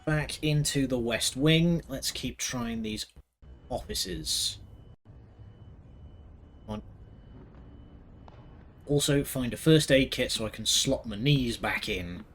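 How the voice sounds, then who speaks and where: Gaming host: man, mid-pitched voice, wry and profane running commentary, faint background hiss. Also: slow pace, pauses often, fairly bright tone. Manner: joking, sarcastic, swears freely. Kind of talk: casual let's-play commentary.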